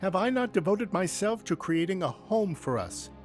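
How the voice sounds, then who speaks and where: A man's voice: high-pitched, very animated, moderate pace, faint music behind, voice pushed up. A man voicing a heartbroken young carpenter. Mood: anguished. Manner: pleading, trembling. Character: young male carpenter, heartbroken but principled. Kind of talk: dramatized Bible story reading.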